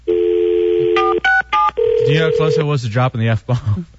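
A man's voice: medium pitch, moderate pace. A man hosting a rowdy radio talk show, joking and teasing his co-host and staff. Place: radio studio. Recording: dull lo-fi radio broadcast.

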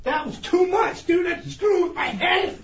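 A man on a comic radio bit, whining and yelling his complaints. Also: very high voice, unhurried, muffled recording, over a noisy crowd. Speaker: radio show regular.

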